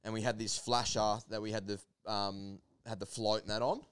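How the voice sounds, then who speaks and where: Man telling a lively story. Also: on the low side, moderate pace, smooth. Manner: animated, laughing storyteller with lots of fillers. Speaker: podcast guest. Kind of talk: casual storytelling.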